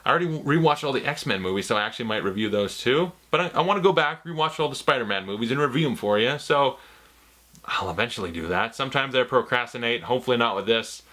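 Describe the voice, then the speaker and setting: A young man rambling excitedly and swearing freely in a casual movie review vlog. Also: mid-range voice, fast.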